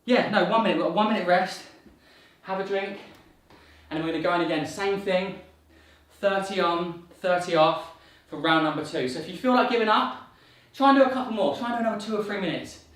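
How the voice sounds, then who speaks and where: A man's voice: sits high, a little fast, fairly bright tone, distant mic. Upbeat male fitness coach, slightly breathless, heard off-mic in a very echoey room. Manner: upbeat, encouraging, counts reps aloud. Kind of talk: guided workout instruction.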